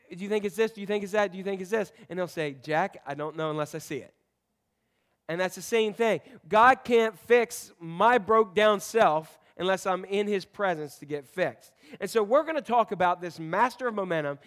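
High-voiced man preaching with lively swings. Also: smooth. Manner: conversational preaching with folksy asides; swings between loud emphasis and quiet asides. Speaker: pastor. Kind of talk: sermon.

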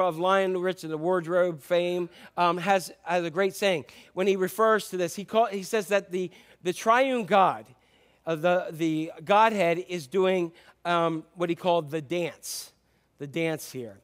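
A male pastor giving a sermon in an informal, chatty way, full of fillers and joking asides. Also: sits high.

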